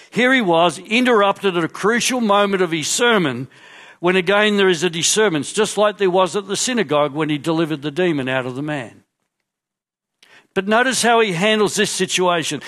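High-voiced male preacher telling a story. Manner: storytelling, acting out the crowd and drops to quiet asides. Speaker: pastor. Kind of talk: sermon.

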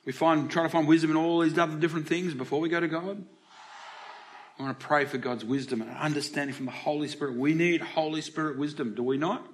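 Quick-paced and steady in tone, with a voice on the high side, a middle-aged Australian man preaches to his congregation. His chatty style includes questions directed at the people listening.

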